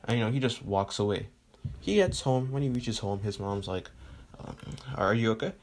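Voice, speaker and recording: A man's voice: fairly low pitch, expressive, normal speed, darkish tone, a little hiss or hum. A man casually retelling a fan story, rambling and leaning on fillers like "right?" and "you know", with the odd swear.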